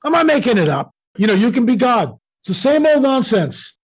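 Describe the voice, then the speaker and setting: A man's voice: very high voice, big pitch swings, fairly quick, husky, rough recording. An American man in an emphatic, preaching style of talk, who acts out the voices of the people he quotes. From United States. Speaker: guest speaker.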